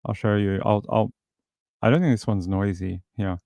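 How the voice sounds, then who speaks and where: A man's voice: on the low side, steady tone, normal speed, gravelly, warm tone, no echo. A man hosting a true crime show, commenting casually and wryly on news clips and mimicking the people in them. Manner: rambling, wry, mimics people in silly voices.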